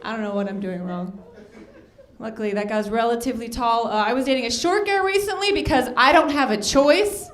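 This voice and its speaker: A woman performing a stand-up comedy set with a deadpan delivery, acting out dialogue in other voices. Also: on the high side, brisk, crowd noise. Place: comedy club stage with a crowd. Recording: echoey club with audience.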